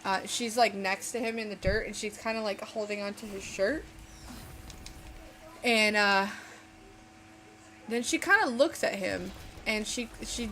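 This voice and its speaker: A woman's voice: medium pitch, unhurried, pauses often, fairly bright tone, a little hiss or hum. A woman streamer telling a story in a rambling, casual way while she plays a game, swearing often. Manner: rambling, lots of fillers and swearing. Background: music.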